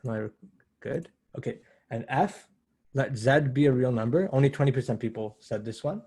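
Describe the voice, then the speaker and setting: A man's voice: medium pitch, moderate pace, darkish tone, husky. A man giving a university math lecture in a conversational way, often correcting himself as he explains step by step.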